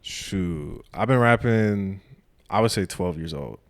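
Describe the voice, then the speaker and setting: Deep-voiced laid-back Atlanta rapper. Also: male voice, expressive, takes it slowly. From Atlanta, Georgia. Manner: laid-back, heavy use of "like" and "you know", laughs often. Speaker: rapper and producer, interview guest. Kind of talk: casual interview talk.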